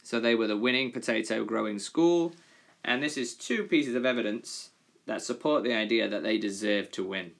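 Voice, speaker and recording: A man's voice: lowish voice, normal speed, vocal fry, fairly bright tone. A male primary school teacher giving a recorded reading lesson, patiently explaining and reading a fable expressively.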